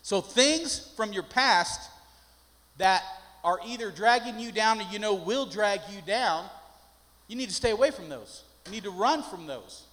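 A man's voice: high voice, lively intonation, unhurried, bright, forceful tone. An older man, a pastor, preaching a sermon with folksy stories that build into emphatic preaching. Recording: long hall reverb.

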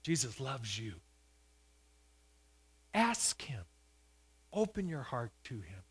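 A man's voice: medium pitch, sing-song, normal speed, slightly rough. A male pastor giving a sermon, telling a healing story with emphatic rises. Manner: storytelling preacher, rising to loud emphatic peaks.

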